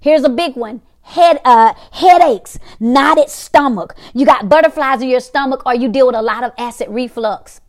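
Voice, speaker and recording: A woman's voice: high voice, moderate pace, hardly any pauses. A middle-aged woman hosting a weekly talk, teaching in an emphatic, repetitive motivational way and acting out reactions. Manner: emphatic, repeats phrases, acts out reactions.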